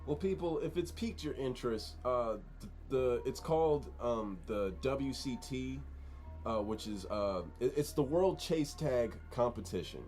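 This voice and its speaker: A man's voice: medium pitch, animated, unhurried, darkish tone, soft background music. A man co-hosting a podcast, talking in a laid-back, jokey way and explaining with lots of "like.". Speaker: podcast co-host. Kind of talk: casual chat.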